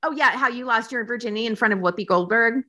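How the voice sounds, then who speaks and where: Female podcast guest, bright, fairly high voice, teasing and sarcastic, curses casually. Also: quick pace. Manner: teasing, sarcastic, swears freely.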